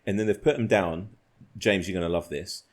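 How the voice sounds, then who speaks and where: A man's voice: deep voice, normal speed. A man hosting a casual podcast, telling rambling stories and laughing often. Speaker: podcast host.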